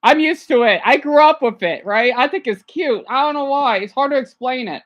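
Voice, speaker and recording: A woman's voice: sits high, lively intonation, normal speed, dull audio. A woman livestreaming, chatting casually as she reacts to videos, often adding "right?" to her points. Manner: chatty, frequent "right?" tags.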